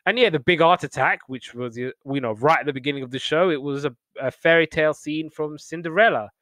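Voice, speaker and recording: A young man, a podcast host, chatting casually and retelling old TV episodes in a rambling, animated way. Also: a little high, brisk, no room sound. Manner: rambling, animated retelling with playful quoted voices. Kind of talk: casual chat.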